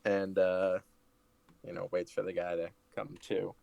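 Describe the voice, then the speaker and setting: A man's voice: low voice, monotone, unhurried, creaky, darkish tone, no room sound. A man playing a tabletop game over an online call, speaking hesitantly with many fillers. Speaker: player. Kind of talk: casual tabletop play.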